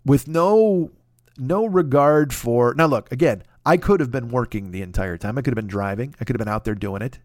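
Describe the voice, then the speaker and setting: A man telling a story in a casual monologue, animated and profane, often acting out the dialogue. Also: mid-range voice, moderate pace, dry recording, clean studio sound. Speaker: podcast host.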